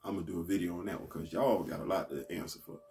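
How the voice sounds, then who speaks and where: A man hosting his own vlog, talking in a rambling, slangy, animated way that rises high when he gets frustrated. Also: racing. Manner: rambling, slangy, laughs often. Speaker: vlog host. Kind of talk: casual ranting vlog.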